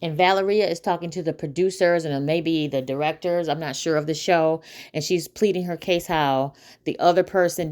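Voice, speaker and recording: A woman's voice: low voice, darkish tone. A woman casually recapping a TV episode, chatty, with many fillers and asides to her viewers.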